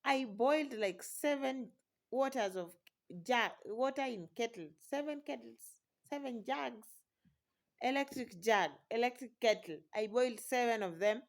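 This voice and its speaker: Slow, dramatic woman telling a story. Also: fairly high pitch. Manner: exclamatory, dramatic, laughs often. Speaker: vlogger, new mother. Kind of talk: animated personal storytelling.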